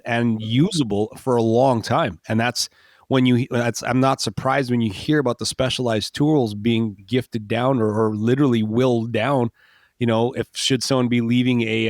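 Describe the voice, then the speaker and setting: A man's voice: mid-range voice, dry recording, studio quality. A middle-aged man hosting a podcast interview, talking in an enthusiastic, rambling, encouraging way. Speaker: podcast host. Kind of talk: casual interview chat.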